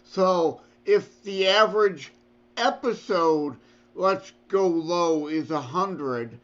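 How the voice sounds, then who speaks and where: Slow, high-voiced male co-host, muffled sound. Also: lively intonation, a bit bright. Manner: works through numbers aloud, unhurried reasoning. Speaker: podcast co-host. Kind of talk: casual podcast chat. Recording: dull, muffled lo-fi audio.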